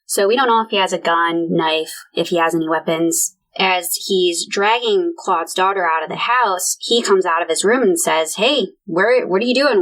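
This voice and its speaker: A woman's voice: fairly low pitch, gravelly, fairly bright tone, low-quality recording. A woman co-hosting a true crime book club podcast, retelling a case and voicing quotes along the way. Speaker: podcast co-host.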